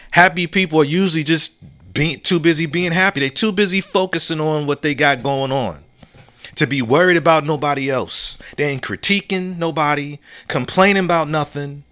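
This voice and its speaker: A man's voice: fairly high pitch, sharp tone. A man hosting his own podcast, talking casually and reflectively, repeating key phrases, using slang and often asking "you know what I'm saying?". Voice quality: laid-back, drawn-out phrasing with slang and restarts. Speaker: podcast host. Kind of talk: casual solo monologue.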